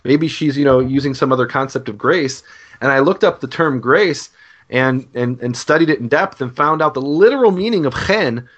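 A man's voice: mid-range voice, expressive, normal speed, fairly bright tone. A man explaining scripture in an earnest conversational way, often restarting his sentences. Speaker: Bible scholar co-host. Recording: dull lo-fi podcast audio.

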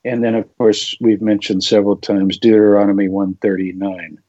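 Low-voiced man explaining scripture. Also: level tone, normal speed, mellow, no room sound, dull audio. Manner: explanatory, lecturing. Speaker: Bible teacher. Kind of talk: conversational scripture discussion.

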